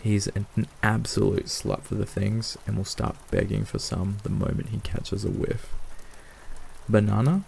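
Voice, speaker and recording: Gravelly low-voiced male horror narrator. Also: little pitch movement, normal speed, few pauses, darkish tone, a little hiss or hum, low-quality recording. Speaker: storyteller. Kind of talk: scripted narration of horror stories for sleep.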